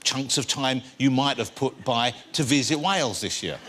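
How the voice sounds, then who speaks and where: A man's voice: mid-range voice, lively intonation, heavy background noise. A man hosting a TV chat show, firing off rambling questions to his guest. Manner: rapid, chatty questioning with fillers. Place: TV studio with audience.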